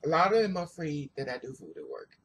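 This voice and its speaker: A vlogger telling a personal story to viewers in a chatty, animated way, full of asides. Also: mid-range voice, quick pace, a little hiss or hum. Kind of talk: casual storytelling to camera.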